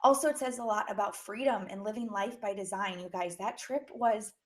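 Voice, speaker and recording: A woman's voice: medium pitch, brisk. A young woman hosting a live webinar from home, chatting casually into her own microphone, friendly and full of fillers as she greets viewers by name. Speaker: webinar host. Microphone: own microphone on a live stream.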